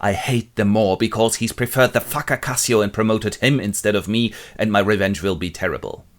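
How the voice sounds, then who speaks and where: A man's voice: on the low side, fairly quick, close to an everyday voice. A man voicing a bitter, scheming officer in a comic retelling. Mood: sly. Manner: sly, scheming.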